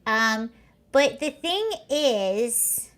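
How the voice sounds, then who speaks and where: A woman's voice: fairly high pitch, animated, drawn-out words, fairly bright tone. A woman hosting a casual livestream, chatting sarcastically, laughing and reading viewer comments aloud. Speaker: livestream host. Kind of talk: casual chat reacting to clips and comments.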